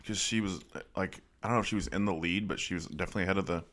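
A man co-hosting a casual movie podcast, talking in a relaxed way with many fillers. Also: low voice, racing. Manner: relaxed, uses lots of "like" fillers. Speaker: podcast co-host.

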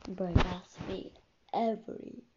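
A woman's voice: on the low side, fairly even intonation, slow pace. A teenage girl hosting a casual solo podcast, rambling and often dropping into a whisper. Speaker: podcast host. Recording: dull lo-fi recording with faint hiss.

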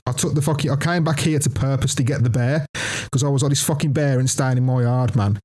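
Animated, sweary man telling a story. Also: mid-range voice, fast. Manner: animated, swears constantly, laughs through the telling. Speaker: podcast co-host. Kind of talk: casual storytelling chat.

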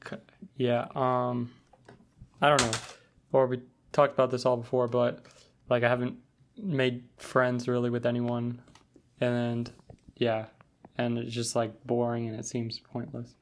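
A man's voice: mid-range voice, monotone, a little slow, long pauses. A young man in college co-hosting a casual podcast, laid-back and teasing. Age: young adult. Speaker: podcast co-host, college student. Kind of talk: casual chat.

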